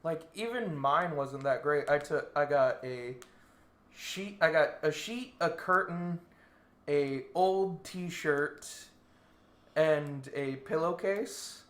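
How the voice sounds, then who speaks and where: A man's voice: fairly high pitch, takes it slowly, a bit bright. A man co-hosting a podcast, telling stories in a chatty way and laughing often. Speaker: podcast co-host. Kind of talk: casual chat. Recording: echoey room.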